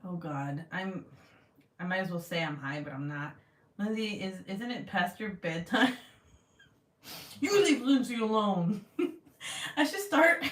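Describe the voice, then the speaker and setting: Her voice is fairly low yet fairly bright, captured by a distant mic in a roomy space. A middle-aged woman running a craft livestream chats with viewers and reads comments, giggly and self-mocking, swearing casually.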